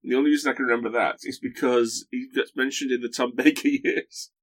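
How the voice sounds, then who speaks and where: A man chats casually as a podcast guest. His voice sits at an ordinary middle pitch. He talks in an animated way, often breaking off and restarting his sentences. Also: fast. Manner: animated, full of restarts and self-corrections. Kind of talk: casual chat.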